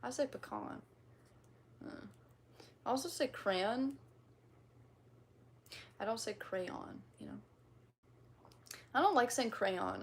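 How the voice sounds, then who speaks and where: Young woman, slight Midwestern twang, vocal fry, higher voice, rambling livestream chat. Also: a little hiss or hum. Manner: rambling, giggly, casually swearing. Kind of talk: casual chat reading viewer comments.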